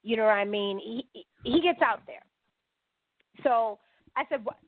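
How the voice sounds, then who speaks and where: A woman's voice: a little high, moderate pace, no echo. Woman telling a story over a tinny line. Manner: animated storyteller acting out quoted dialogue. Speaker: guest. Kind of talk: podcast interview storytelling. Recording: dry phone-line sound.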